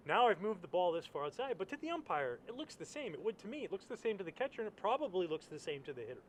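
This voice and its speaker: A man, a former baseball pitcher, telling lively stories as a guest and acting out the voices of others, outdoors at a stadium. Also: very fast, few pauses, slight background noise. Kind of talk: animated storytelling.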